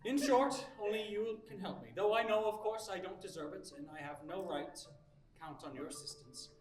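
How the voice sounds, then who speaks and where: A man's voice: high-pitched, brisk, close to an everyday voice. Flustered, stammering male suitor in his thirties, a man playing it, stage play; echoey hall, far mic. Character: nervous anxious 35-year-old male landowner suitor. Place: theater stage. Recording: roomy stage from far off, music behind.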